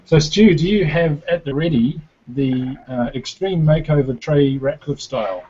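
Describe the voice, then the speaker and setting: A man with a slightly husky voice co-hosts an online show, running the segments in an upbeat way. His audio sounds dull and lo-fi. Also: fairly high pitch, unhurried, mellow. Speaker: co-host. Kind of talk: casual video call chat.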